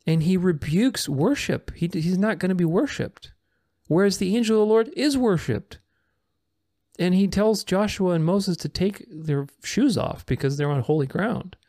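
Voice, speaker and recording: A man's voice: high voice, normal speed, a little mellow, dry recording, studio quality. A man teaching from the Bible, reading verses aloud and stressing his points with repeated words. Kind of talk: scripture teaching.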